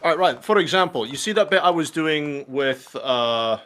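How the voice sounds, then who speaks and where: A man's voice: a little high, animated, moderate pace, a bit bright. A man, a guest on a painting stream, chatting casually and rambling a little about what he is doing. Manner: rambling, self-deprecating. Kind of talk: casual chat.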